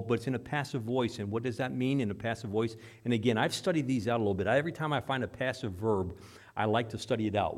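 A male pastor preaching a sermon in a conversational way, repeating and restarting phrases, rising to loud emphatic bursts and dropping to quiet low asides.

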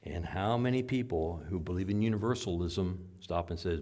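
A male pastor preaching a sermon to his congregation. He swings from hushed asides to loud, emphatic peaks. He drives his points home by repeating short phrases. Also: sits low, normal speed, few pauses.

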